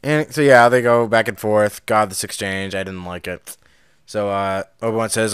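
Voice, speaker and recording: A man telling a film's plot in a casual podcast chat, bouncing between narration and quick acted quotes. His voice is smooth and clean, and the recording is close and dry, with no room around it. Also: lowish voice, no room sound. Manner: animated storyteller, acts out quotes, laughs often. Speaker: podcast co-host. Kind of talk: casual chat recapping a film.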